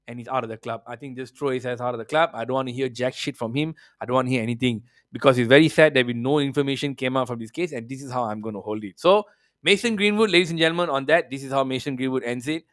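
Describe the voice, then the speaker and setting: A man's voice: mid-range voice, quick pace, fairly bright tone, no room sound, clean studio sound. A man hosting a football podcast, ranting brashly and profanely in casual opinionated chat, slipping into mocking voices.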